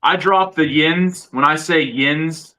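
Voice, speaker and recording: A man's voice: a little high, slow, bright, forceful tone, low-quality recording. A man with a Pittsburgh accent, a monster truck driver chatting as a guest, easygoing and laughing along. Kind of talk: casual chat.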